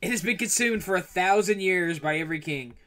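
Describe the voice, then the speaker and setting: A man's voice: high-pitched, fairly quick, pushed and bright. A man narrating a tabletop game as game master, in a loose, chatty way with restarts.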